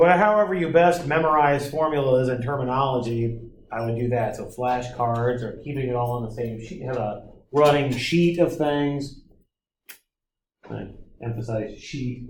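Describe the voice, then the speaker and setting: Steady in tone and moderate in pace, this man's mid-range voice carries a little hiss or hum in the recording. He is a math lecturer delivering a classroom lecture, explaining each step and often tossing in tag questions to check on students.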